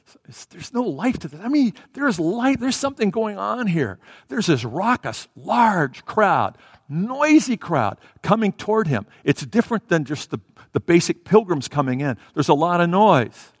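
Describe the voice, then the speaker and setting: A man preaches in a church, acting out the story with animated swings between loud and soft delivery. His voice sits a little high, and it sounds close and dry. A long hall reverb trails behind it. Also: moderate pace, slightly rough. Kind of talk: sermon.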